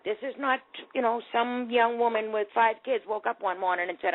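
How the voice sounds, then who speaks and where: A woman's voice: fairly high pitch, fairly quick. A woman hosting a talk radio show, giving indignant, sarcastic commentary. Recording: tinny phone-like audio.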